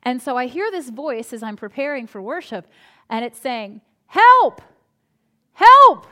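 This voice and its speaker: A woman pastor with a high voice delivers a sermon. Her preaching is conversational and relaxed, and she tells humorous stories from her own ministry. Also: normal speed.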